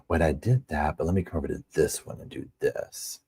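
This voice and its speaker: A man hosting a casual livestream, chatting to viewers in a quiet, hushed voice at home on a wireless microphone. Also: extremely low pitch, a little fast, breathy edge, no room sound. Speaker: livestream host. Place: at home with neighbors next door.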